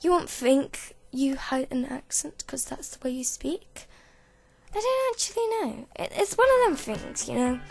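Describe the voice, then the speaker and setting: A woman's voice: high-pitched, lively intonation, unhurried, vocal fry, darkish tone, slight background noise. A British woman chatting casually at her home computer during a game-building video, rambling and stumbling over her words with frequent giggles. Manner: rambling, self-interrupting, giggly. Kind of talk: casual gameplay commentary.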